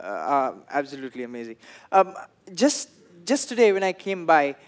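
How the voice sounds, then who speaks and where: A young comedian with a Sri Lankan English accent works through a stand-up set. His voice sits high for a man, and he tells his stories with animation, throwing in loud bursts when he acts out the people in them.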